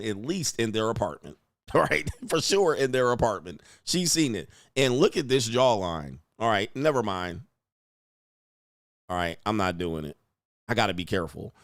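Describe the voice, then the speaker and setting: Animated, profane male reaction host. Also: fairly low pitch, moderate pace, no room sound, studio quality. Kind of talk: casual reaction commentary.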